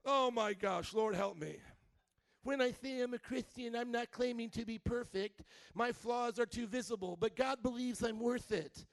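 Man, very high voice, animated sermon, shouting preacher. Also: normal speed, vocal fry. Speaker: pastor. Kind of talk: energetic sermon.

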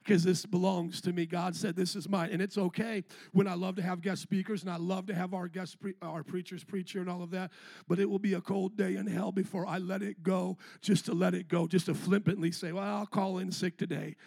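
A male pastor preaching a lively sermon with call-and-response to the congregation, his voice starting to go hoarse. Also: sits high, a little fast, dry recording. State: voice going hoarse.

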